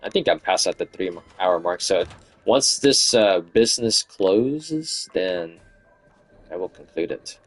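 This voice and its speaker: Deep, expressive, and unhurried, this man's voice shows fatigue after hours of streaming a game. His commentary is casual and chatty, full of laughter and humming along.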